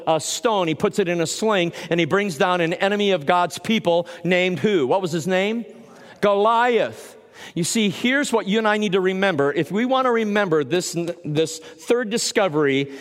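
In a large hall, a male pastor with a high voice preaches a sermon emphatically, repeating key phrases and putting questions to the congregation.

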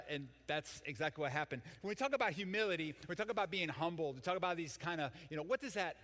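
A man's voice: on the high side, sharp tone, long reverb tail. An older man preaching a sermon as pastor, folksy and joking with the congregation. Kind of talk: sermon with jokes.

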